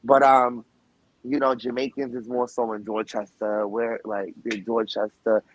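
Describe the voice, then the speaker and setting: A man's voice: mid-range voice, level tone, a little slow, slight background noise, poor audio. Rambling, swearing man with a Boston accent. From Boston area. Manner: loose, rambling, heavy swearing, many restarts. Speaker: guest, former reality show cast member. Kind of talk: casual profane chat.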